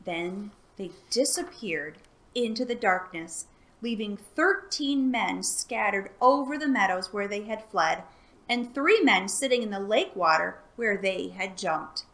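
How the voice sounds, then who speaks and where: A woman reading a children's chapter book aloud for a library storytime, calm and soft-spoken. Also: mid-range voice, a little slow.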